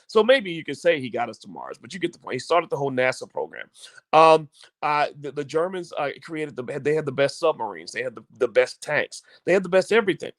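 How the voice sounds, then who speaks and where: A man's voice: mid-range voice, no echo. A man hosting his own online show, giving opinionated commentary to viewers in an emphatic, preachy way, often repeating words and restarting.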